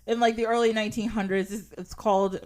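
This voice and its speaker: A woman's voice: medium pitch, fast. A woman hosting a podcast in casual chat, telling stories loosely with frequent laughter and casual swearing. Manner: laughs often, swears casually, animated storytelling. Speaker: podcast host.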